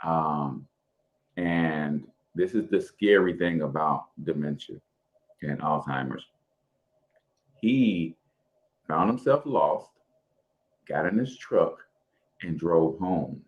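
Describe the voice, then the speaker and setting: A man's voice: a bass voice, expressive, takes it slowly, pauses often, dull audio. A man from St. Louis with a local accent, talking in a casual podcast, reflective and hesitant, with many fillers and restarts.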